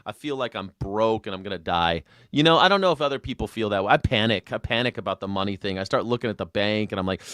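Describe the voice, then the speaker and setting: A man hosting a live call-in show, rambling and excitable, swearing freely as he talks. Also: lowish voice, quick pace, hardly any pauses, clean tone, dry recording, clean studio sound. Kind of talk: casual call-in chat.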